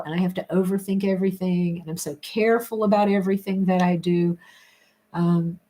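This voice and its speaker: A woman talks casually to her viewers, thinking aloud and rambling. She restarts sentences and laughs softly between thoughts. Her voice sits in a middle pitch. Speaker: livestream host reading viewer comments. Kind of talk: casual reflective chat.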